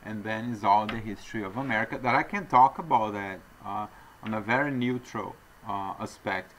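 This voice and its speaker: A man's voice: lowish voice, normal speed, a bit bright, slight background noise, rough recording. A man with a non-native English accent, talking to viewers in a digressive, earnest monologue with apologetic asides. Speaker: vlogger addressing viewers. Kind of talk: rambling off-the-cuff monologue.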